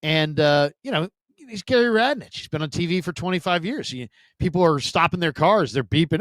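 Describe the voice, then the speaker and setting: A man, a sports radio host, telling stories in a casual, animated way and mimicking other people's voices. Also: brisk, no echo. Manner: animated, mimics voices with big pitch jumps. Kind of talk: casual storytelling chat.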